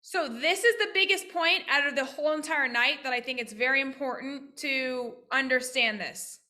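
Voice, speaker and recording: A woman physical therapist teaching practice owners on a video call, lively and interactive, often asking questions. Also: high voice, normal speed. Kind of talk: casual online teaching with role-played examples.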